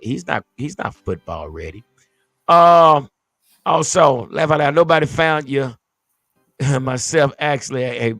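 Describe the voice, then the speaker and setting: A man's voice: medium pitch, vocal fry, dry recording. A man hosting a casual sports podcast as a former player, ranting in a heated, emphatic, fired-up way.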